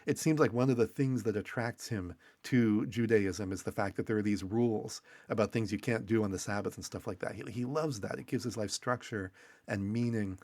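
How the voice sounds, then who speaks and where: Man, philosophy professor, lowish voice, dry close sound, fluent explainer. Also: fairly quick, a little mellow, no room sound. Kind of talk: casual academic podcast discussion.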